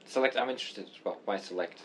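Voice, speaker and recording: A man's voice: on the low side, fast, slight background noise. A man in casual chat, giving dry, brief replies and prompts.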